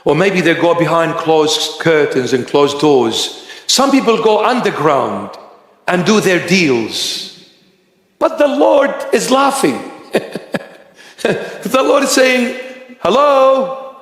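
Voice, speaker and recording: A bishop delivers a sermon in a high, unhurried voice, firing rhetorical questions and swinging sharply up and down in pitch. His words ring out with a long, roomy church-hall echo. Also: very animated, a bit bright. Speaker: bishop preaching. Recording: echoey church hall reverb.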